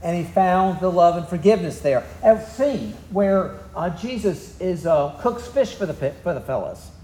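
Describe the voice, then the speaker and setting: A man's voice: sits high, lively intonation, a little slow, dark tone, roomy sound, a little hiss or hum. A man with a Southern US accent preaching a sermon, telling the story in a folksy, easygoing way. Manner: folksy storytelling, drawling asides. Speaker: pastor.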